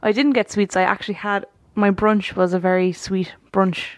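A woman's voice: medium pitch, little pitch movement, moderate pace, no room sound, clean studio sound. A woman co-hosting a podcast, chatting casually about a wrestling show, laughing often and rambling through restarts. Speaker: podcast co-host.

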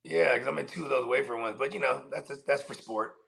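Gravelly fast-talking man, lively pitch. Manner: rambling, profane, says "you know what I mean" a lot. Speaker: co-host. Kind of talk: casual fantasy football chat.

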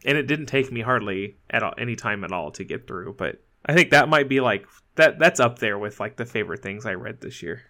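A man co-hosting a podcast in casual chat, talking with lots of fillers and restarts and quick laughs. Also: mid-range voice, expressive, pushed and bright. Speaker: podcast co-host.

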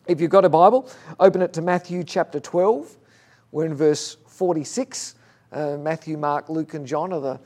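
A man preaching a conversational sermon, telling stories with lively restarts. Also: fairly high pitch. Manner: conversational, animated storytelling with restarts. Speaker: pastor.

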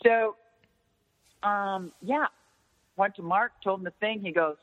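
Animated woman telling stories over a tinny line. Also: mid-range voice, normal speed. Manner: animated, swears freely, acts out quoted dialogue. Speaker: interview guest, former wrestler. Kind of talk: casual storytelling interview. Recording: tinny phone-like line with long reverb.

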